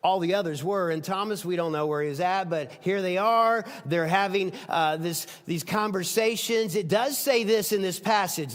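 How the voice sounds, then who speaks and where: A man preaching a sermon as pastor, retelling stories with swings between loud emphatic lines and soft hushed ones. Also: high voice, moderate pace, few pauses, in a large hall.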